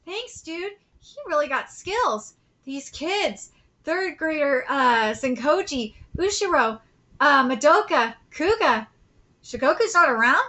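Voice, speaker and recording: A woman talks through a manga chapter live, casual and excitable, often pausing on "um" and "uh." Her voice sits high and has a bright, forward edge. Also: rough recording. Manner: chatty, many fillers, excitable. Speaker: host. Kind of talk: live manga reaction, reading aloud.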